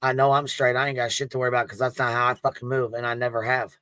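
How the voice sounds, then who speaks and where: A man sits in as a livestream panel guest, ranting bluntly and swearing freely. His voice stays flat and even but clear and smooth. The sound is dry and close. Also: medium pitch, racing, no echo. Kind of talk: heated casual commentary.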